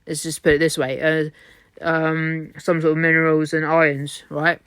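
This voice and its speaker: A man's voice: on the high side, level tone, moderate pace, fairly bright tone, smooth, no room sound, clean studio sound. A man in a hotel room, rambling on in an exhausted, repetitive monologue laced with swearing. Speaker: vlogger. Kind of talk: rambling self-recorded monologue.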